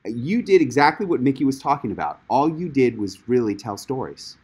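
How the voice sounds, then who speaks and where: Husky, lively male webinar coach. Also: medium pitch, fairly quick. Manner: enthusiastic, emphatic encouragement. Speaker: webinar host and speaking coach.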